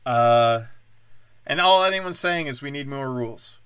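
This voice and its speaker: A drunk man rambling through an unscripted solo podcast rant. He talks crudely, swinging from loud bursts to mumbled asides. His voice sits at an ordinary pitch, close on the mic in a dry, dead room. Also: expressive, unhurried, clean tone, no echo. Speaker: podcast host.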